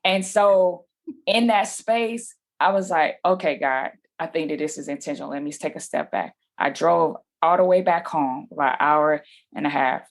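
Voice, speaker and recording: A woman's voice: deep voice, moderate pace. A woman telling her story as a guest on a podcast. She talks casually and with animation, uses slang and acts out what people said.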